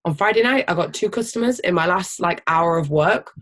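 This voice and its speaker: Team leader, casual motivational training talk; emphatic, energetic, swears freely, mid-pitched. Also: fairly quick. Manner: animated, energetic. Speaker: team leader of a health business.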